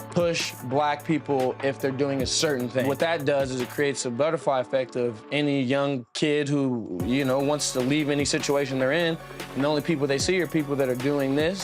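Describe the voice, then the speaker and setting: A man speaking earnestly and conversationally about young people's paths. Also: mid-range voice.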